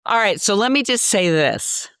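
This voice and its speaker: A woman's voice: mid-range voice, normal speed, clear, resonant tone, dry recording, studio quality. A woman in her sixties from Virginia, telling stories bluntly and passionately as a podcast guest. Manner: passionate, blunt, animated storytelling. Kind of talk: candid podcast interview.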